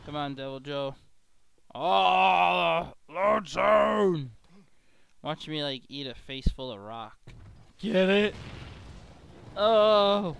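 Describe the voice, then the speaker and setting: Sick, excitable man doing gameplay commentary. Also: a little high, extremely slow, vocal fry, pauses often, smooth. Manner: excitable, frequent exclamations. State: sick with a bad cough. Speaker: gamer.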